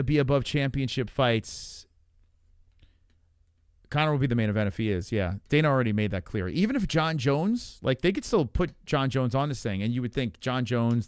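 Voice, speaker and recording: A man's voice: mid-range voice, clear, resonant tone, dry recording, studio quality. A young man streaming live, ranting loosely about fights with lots of swearing and reacting to chat. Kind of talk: livestream fight talk.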